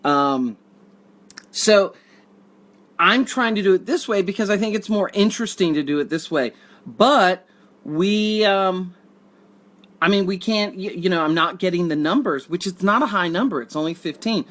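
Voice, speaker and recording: A man's voice: high-pitched, normal speed, a bit bright. A man hosting a casual live video, reading viewer comments and joking in a rambling, dry way. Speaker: livestream host.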